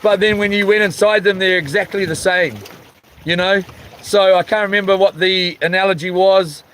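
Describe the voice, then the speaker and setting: A man's voice: sits high, fairly even intonation, moderate pace, fairly bright tone, a little hiss or hum, low-quality recording. A man with a New Zealand accent hosting a casual live stream, reading chat comments in a laid-back way with lots of ums and chuckles.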